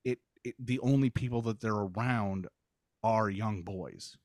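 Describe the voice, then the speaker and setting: A man co-hosting a casual podcast, telling stories with animated emphasis and free swearing. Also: on the low side, measured pace, no room sound, studio quality. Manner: animated storyteller, swears freely. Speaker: podcast co-host. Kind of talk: casual chat.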